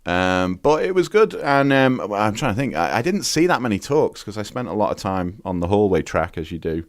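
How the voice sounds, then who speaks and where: A man's voice: on the low side, big pitch swings, brisk, dry recording, clean studio sound. A man from the UK chatting as a podcast guest, telling rambling stories full of fillers and restarts. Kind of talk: casual chat.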